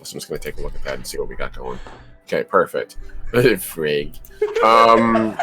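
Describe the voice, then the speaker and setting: A man's voice: rumbling low, animated, normal speed, music in the background. A man acting as game master and narrating a tabletop game in a rambling, descriptive way, with many filler words.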